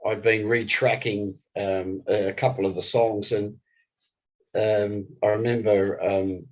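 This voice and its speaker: An older man, a guest musician telling animated stories in an interview. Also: on the low side, slow. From Australia. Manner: animated storyteller, voice jumps up when excited. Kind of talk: storytelling interview. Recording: slightly dull lo-fi recording.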